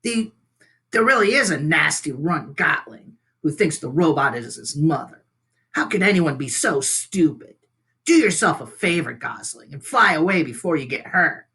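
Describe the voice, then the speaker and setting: A man's voice: on the high side, animated, normal speed, pushed and bright, breathy edge, heavily acted. A man reading aloud as a bossy, sarcastic female bear, sneering and menacing.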